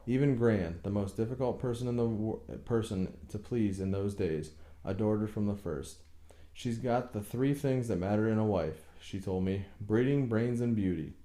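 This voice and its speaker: A man's voice: on the low side, moderate pace, warm tone, roomy sound, lightly acted. A man voicing a tormented older husband who talks in a brooding, bitter way in an audiobook reading. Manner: brooding, bursts into bitter anger.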